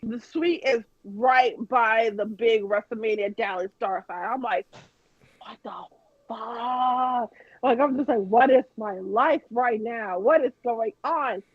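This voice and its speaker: Animated storytelling woman, husky voice. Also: a little high, takes it slowly, no room sound, dull audio. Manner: animated, swears freely, acts out quoted people. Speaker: guest. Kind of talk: casual storytelling on a podcast.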